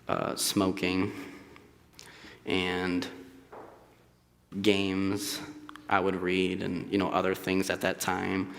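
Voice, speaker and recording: Young guy telling his testimony at church, slow and unsure, lots of ums, big echoey hall. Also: low-pitched, vocal fry, a bit bright. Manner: hesitant, searching for words with many fillers. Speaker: church speaker giving testimony. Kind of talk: personal testimony.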